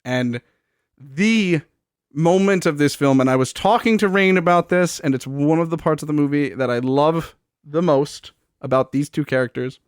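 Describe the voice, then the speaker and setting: A man's voice: fairly high pitch, normal speed, clean tone, no echo, clean studio sound. Man animatedly recapping a film. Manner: animated retelling, acting out quotes in a hushed voice. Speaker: podcast co-host recapping a film. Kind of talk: casual chat.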